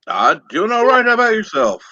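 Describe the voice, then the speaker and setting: A man hosting a morning livestream, his voice bright and lively, rising and falling a lot as he jokes. The sound is dull and dry, like a lo-fi mic close up. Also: sits high, brisk, no echo. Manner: joking, irreverent. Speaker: host. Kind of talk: casual livestream chat.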